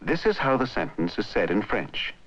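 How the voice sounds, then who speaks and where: Brief: male narrator, low, animated delivery, muffled old film sound. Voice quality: clear, measured explaining. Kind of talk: scripted educational narration.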